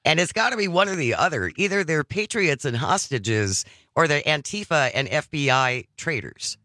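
A man's voice: a little high, expressive, normal speed, bright, forceful tone, dry recording. A man hosting a radio talk show, speaking conversationally and earnestly, laying out his points one by one in a studio. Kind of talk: casual political talk.

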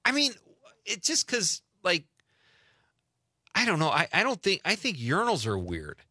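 A man's voice: high-pitched, wildly swooping pitch, moderate pace, bright, forceful tone, slightly rough, no room sound, studio quality. A middle-aged man from Wisconsin hosting a call-in radio show, chatting casually and laughing often as he reads out listener messages.

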